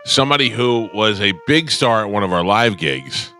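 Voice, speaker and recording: Man, deep voice, bright tone, radio host, casual joking banter, studio. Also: lively intonation, moderate pace, faint music behind. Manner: joking, storytelling.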